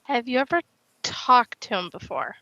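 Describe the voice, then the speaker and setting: Wry, higher-voiced woman player. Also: sing-song, moderate pace, sharp tone, dry recording, low-quality recording. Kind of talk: tabletop role-play over voice chat.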